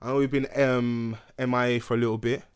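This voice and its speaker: A man's voice: mid-range voice, flat delivery, fast talker, clean tone. A young man hosting a casual podcast, laid-back and full of banter, swearing freely. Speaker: podcast host.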